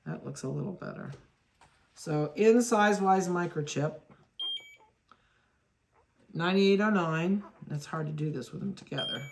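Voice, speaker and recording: A woman's low, slightly slow voice, a little mellow and full of pauses, comes with faint hiss or hum. Inside a kennel, she handles puppies while chatting away, addressing them and laughing at her own mix-ups.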